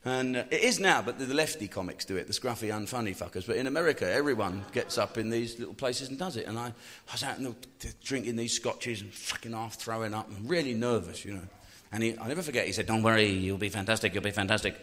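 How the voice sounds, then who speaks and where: An older English man, a comedian, telling profane stories in a cynical, animated way. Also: medium pitch, quick pace. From England. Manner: swears constantly, animated and cynical. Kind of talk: profane anecdotal storytelling.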